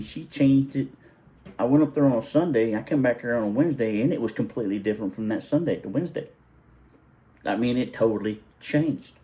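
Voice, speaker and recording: A middle-aged man spins a casual family story into the camera. His voice is fairly low and mellow, and he rambles along, stopping to correct himself and chuckle. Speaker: vlogger.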